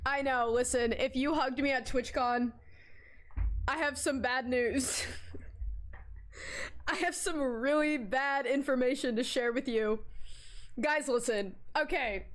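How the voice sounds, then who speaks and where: A woman's voice: sits high, takes it slowly, pauses often. A young woman streamer chatting casually on a live stream, swearing freely and telling stories dramatically. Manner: animated, swearing, dramatic storyteller.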